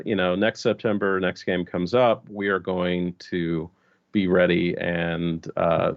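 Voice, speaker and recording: Deep-voiced man, casual rambling. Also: dry recording, dull audio. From American region with many Spanish speakers. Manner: rambling, many restarts and fillers. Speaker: LARP designer and organizer, podcast guest. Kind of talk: casual podcast chat.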